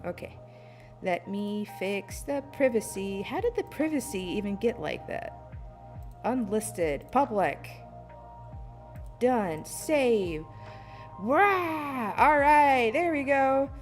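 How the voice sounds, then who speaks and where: Casting: slow-talking, higher-voiced woman streamer, giggly and self-deprecating, soft lofi music underneath. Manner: self-deprecating, giggly, hums to herself while fiddling with settings. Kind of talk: casual live-stream chat.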